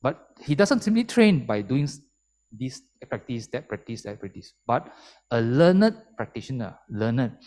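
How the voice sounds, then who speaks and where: Animated lay Dhamma speaker. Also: male voice, mid-range voice, a little slow. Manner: animated and emphatic, explaining step by step. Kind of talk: Buddhist sermon.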